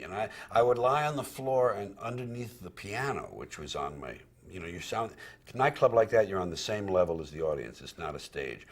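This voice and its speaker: A man's voice: on the low side, animated, normal speed. A comedian recalling his career in candid, profane storytelling, acting out what he once said. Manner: candid and profane, acts out quoted dialogue. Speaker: stand-up comedian.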